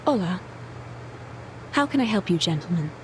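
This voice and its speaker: A man voicing a calm, courteous blind woman doctor in a game, spoken from away from the mic with faint noise behind. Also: high-pitched, moderate pace, voice pushed up. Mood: polite. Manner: gentle and courteous. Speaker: streamer reading game dialogue.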